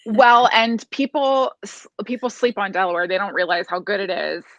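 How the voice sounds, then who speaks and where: A woman's voice: medium pitch, steady tone, normal speed, fairly bright tone, no echo, lo-fi sound. A woman from the US East Coast chatting as a panel guest, rambling with restarts. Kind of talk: casual panel chat.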